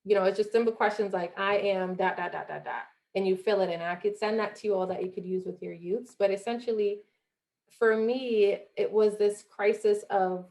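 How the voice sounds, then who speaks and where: A woman's voice: mid-range voice, fairly even intonation, moderate pace, darkish tone. A young woman from Jamaica, a former college athlete, speaking earnestly as a podcast guest and acting out the voices she quotes. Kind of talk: motivational interview talk.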